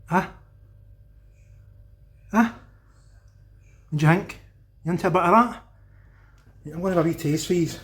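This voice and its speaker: A man's voice: high voice, moderate pace, pauses often, reverberant. A man with a Glasgow accent chatting casually to viewers as he cooks in a home kitchen, exclaiming over the food. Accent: Glaswegian Scottish. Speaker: home cooking vlogger. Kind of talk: casual cooking commentary to camera.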